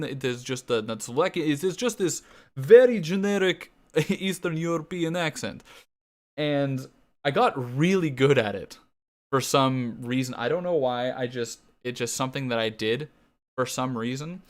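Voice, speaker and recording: A young Canadian man chatting casually and swearing freely while streaming a game, laughing now and then. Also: a little high. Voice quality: casual, profane, laughs often. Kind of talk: casual gaming stream chat.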